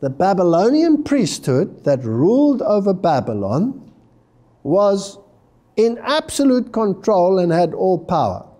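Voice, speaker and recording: A man's voice: sits high, wildly swooping pitch, slow pace, warm tone. A man giving an emphatic Bible prophecy lecture, explaining history and reading scripture aloud. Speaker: religious lecturer.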